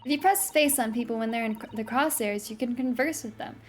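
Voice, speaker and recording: A woman's voice: fairly high pitch, brisk. A woman streamer casually chatting and joking with giggly, swearing asides while reading a visual novel aloud. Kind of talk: casual live-stream chat. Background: faint game music.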